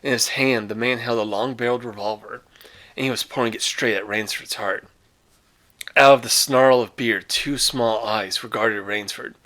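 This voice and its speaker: A man's voice: mid-range voice, steady tone, normal speed, sharp tone. A man reading a short story aloud with dramatic phrasing and casual, offhand asides. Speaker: reader.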